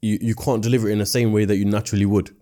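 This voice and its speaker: A man hosting a casual podcast. His voice is low and warm, and he talks at a quick, easygoing pace, dropping in repeated yeahs as he listens. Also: flat delivery. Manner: easygoing, frequent yeah-yeah backchannels. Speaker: podcast host.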